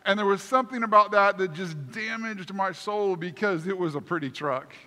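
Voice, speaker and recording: A man preaching a sermon as pastor, telling a story in an animated, self-deprecating way. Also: high voice, normal speed. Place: church sanctuary. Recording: long church reverb.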